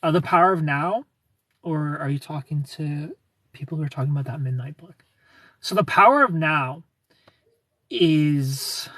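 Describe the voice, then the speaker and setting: On a livestream, a man in his thirties from outside the US responds to viewer comments in a loose, rambling way, with restarts and soft laughter. The recording is dry, and his fairly high voice has a somewhat bright quality.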